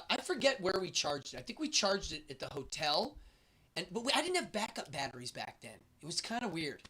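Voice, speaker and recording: A man hosting a show, telling a travel story in a lively, animated way and acting out the voices of the people in it. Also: sits high. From United States. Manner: lively storyteller, acts out the guards' and his own lines. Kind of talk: animated anecdote.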